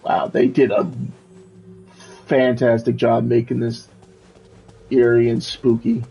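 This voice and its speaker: A man's voice: medium pitch, slow, soft background music, rough recording. A man streaming a video game, chatting casually and self-deprecatingly while he plays. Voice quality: gravelly, raspy. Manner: relaxed, self-deprecating, thinking aloud.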